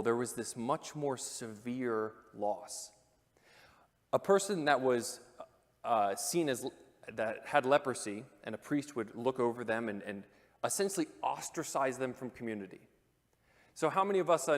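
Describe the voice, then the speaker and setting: A preacher of ordinary pitch gives a sermon in a church auditorium, his voice trailing a long hall reverb. He stays conversational and animated, tossing in joking asides, then drops into dramatic, low, hushed pauses for weight.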